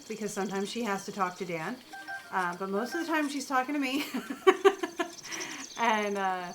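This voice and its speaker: A woman chatting casually while playing a video game, rambling to her viewers and the characters on screen, recorded on a desk microphone at home. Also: mid-range voice. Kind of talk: casual gameplay chat. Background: household sounds, dog noises.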